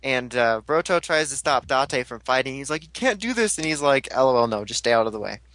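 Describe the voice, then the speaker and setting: A young man hosting a casual podcast, recapping an episode with jokes and quick character impressions. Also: mid-range voice, a bit bright. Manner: jokey, quick voice impressions of characters, laughs a lot. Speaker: podcast host recapping a show.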